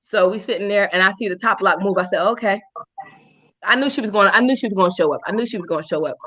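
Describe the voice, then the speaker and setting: A woman co-hosting a talk show, telling a profane story with animated, squealing voices for the people in it. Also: medium pitch, quick pace. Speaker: radio show co-host. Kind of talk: casual chat, storytelling. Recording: dull lo-fi sound.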